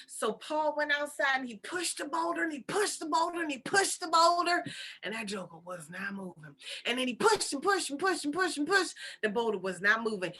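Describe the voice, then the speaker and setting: A woman, a spiritual teacher, telling a story in an animated, repetitive, conversational way. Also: high-pitched, brisk. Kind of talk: storytelling talk.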